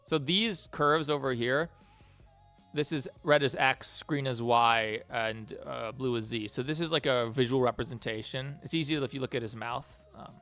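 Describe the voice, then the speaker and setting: A man's voice: medium pitch, moderate pace, a bit bright, soft background music. A man streaming as an animator, chatting casually and thinking aloud while he works. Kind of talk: casual live stream chat.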